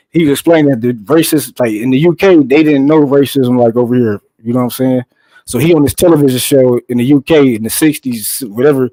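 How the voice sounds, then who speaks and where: A man's voice: mid-range voice, fast, warm tone, no room sound, poor audio. A man in casual chat, talkative and profane, explaining his views at length.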